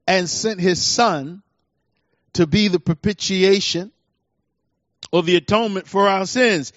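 A man preaching a sermon as a pastor, swinging between fervent declarations and hushed asides. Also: sits high, moderate pace, dry recording, highs cut off.

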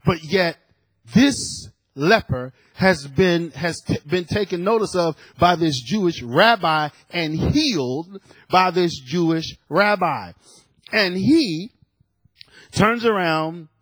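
A man in his fifties preaching a sermon, emphatic, repeating his words and rising at times to shouts. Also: on the high side, animated, takes it slowly, husky, dry recording. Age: 50s.

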